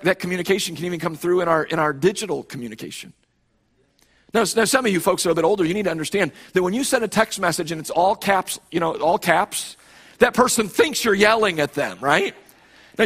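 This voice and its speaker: A man's voice: high voice, animated, brisk, fairly bright tone, breathy edge. A male pastor preaching a sermon with emphatic delivery, often repeating and restarting phrases.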